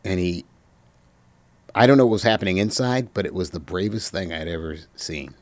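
A man telling stories as an interview guest, reflective and halting, with many pauses and fillers. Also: low voice, lively intonation, no room sound. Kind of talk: reminiscing anecdotes.

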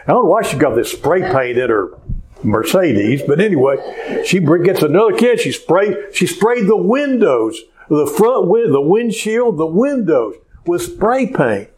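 Telling an animated story with lots of hesitation, a pastor delivers his sermon in a male voice that sits high. The recording quality is rough.

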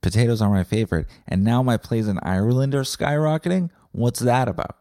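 A young Canadian man hosting a comedic solo podcast, rambling and swearing with deadpan asides. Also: medium pitch, a little fast, dry recording, studio quality. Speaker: podcast host.

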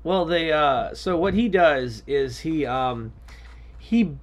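A man co-hosting a casual podcast chat, rambling and exasperated, sometimes bursting into shouts. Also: on the high side, lively intonation, slow pace, background noise. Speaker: podcast co-host.

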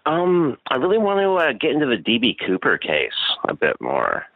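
A man being interviewed as a guest about his paranormal show, answering thoughtfully and pausing often with "um" and "uh". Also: mid-range voice, wildly swooping pitch, creaky, dry recording. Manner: thoughtful, halting with many "um" and "uh". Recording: tinny phone-like remote line.

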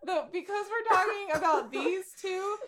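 A woman's voice: very high voice, expressive, moderate pace, over a noisy crowd. A young woman hosting a podcast, teasing her guests with dry remarks in a casual way. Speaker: podcast host. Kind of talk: casual chat.

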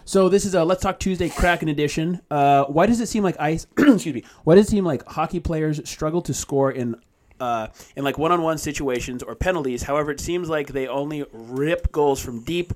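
A man co-hosting a podcast, reading a listener question aloud in a steady, plain way with small stumbles. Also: fairly high pitch, fairly quick.

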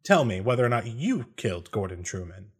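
A man's voice: fairly low pitch, sing-song, a little fast, husky. A man voicing a brash, impatient male character who bluntly demands answers. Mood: demanding. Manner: blunt and insistent. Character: brash, impatient male rival accusing others.

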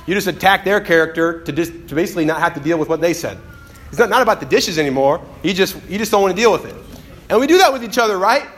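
Talking fast in a high-pitched voice, this preacher delivers his sermon with lively, conversational energy. He frequently acts out the quotes he cites and starts his phrases over.

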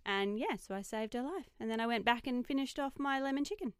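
A woman, co-hosting a podcast as a lively storyteller who acts out what others said in casual chat. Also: on the high side, fast talker, clear, resonant tone, dry recording, studio quality. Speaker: podcast co-host.

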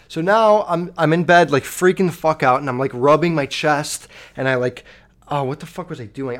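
A young man telling a rambling personal story to the camera, swearing often and acting out his own past panic. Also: mid-range voice.

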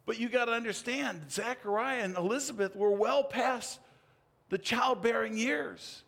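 A man preaching a sermon, telling a story dramatically with big swings in pitch and loudness. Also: measured pace, vocal fry.

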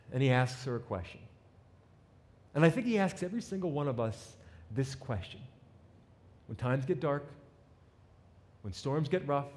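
A man's voice: fairly high pitch, darkish tone. A man preaching a sermon, telling a story dramatically and acting out its voices, building to emphatic peaks. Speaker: pastor. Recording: long hall reverb.

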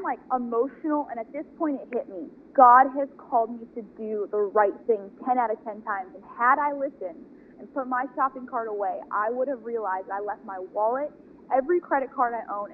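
A woman from California telling a personal faith testimony in a lively, earnest way, acting out the dialogue. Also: on the high side, moderate pace. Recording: tinny phone-like audio with faint noise.

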